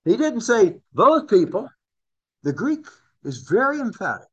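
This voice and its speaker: A man teaching a Bible class in a conversational way, asking his listeners questions and rising in pitch to stress key words. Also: sing-song, a little slow, a bit bright, slightly rough.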